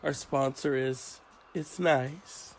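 A man hosting a casual chat, rambling and crude in a deadpan way. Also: medium pitch, takes it slowly, slight background noise, poor audio.

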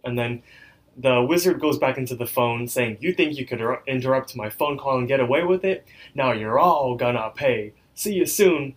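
A young man at a moderate pace and medium pitch recaps a cartoon episode on the podcast he co-hosts. His delivery is loose and chatty, packed with likes and ums.

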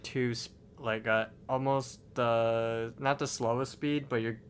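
Guy at home on a podcast, kinda halting, trips on words, light hiss behind him. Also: medium pitch, steady tone. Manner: hesitant, stumbles over words. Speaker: podcast co-host. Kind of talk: casual chat narrating cartoon scenes.

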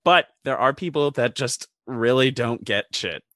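A man's voice: mid-range voice, expressive, unhurried, fairly bright tone, dry recording. A man chatting casually with friends, telling a story with dry, teasing humor. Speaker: podcast co-host. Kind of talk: casual chat.

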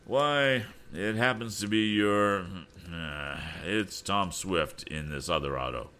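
A man voicing a proud, puzzled middle-aged banker who speaks formally and haltingly. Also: deep voice, pushed and bright, clear, resonant tone, exaggerated voice. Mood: stiff.

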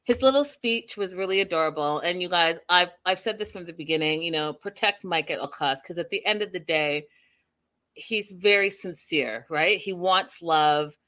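Brief: woman host, gossipy recap chat, bright crisp tone. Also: on the low side, normal speed. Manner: chatty, gossipy, a bit petty. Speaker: reality show recap host. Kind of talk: casual chat.

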